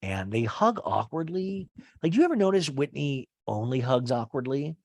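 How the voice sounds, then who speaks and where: A young man hosts a loose, comedic recap of a reality show, rambling and swearing freely. His voice sits at an ordinary male pitch. The sound is dry and close, with no room echo. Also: big pitch swings, moderate pace. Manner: rambling and profane, heavy use of "like".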